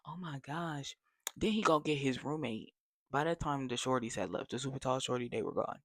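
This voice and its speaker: A young adult man telling a casual storytime, animated and slangy, dropping to whispers for effect. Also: medium pitch, fairly quick, no room sound. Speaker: vlogger.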